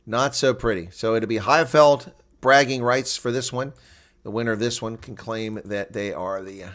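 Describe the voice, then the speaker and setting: A man's voice: mid-range voice, normal speed, a bit bright. A man hosting a casual live rugby watch-along, chatting loosely, laughing often and reading viewer comments aloud.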